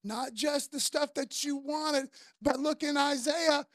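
A woman preaching a casual sermon, slangy and conversational, telling the story in an animated way. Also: sits high, slow pace, no echo, clean studio sound.

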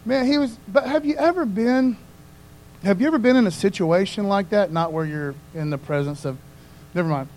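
Male pastor, high voice, laid-back chatty sermon delivery. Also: moderate pace, a little mellow, rough recording. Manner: casual, repeats "man" and "you know what I mean". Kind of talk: casual conversational sermon.

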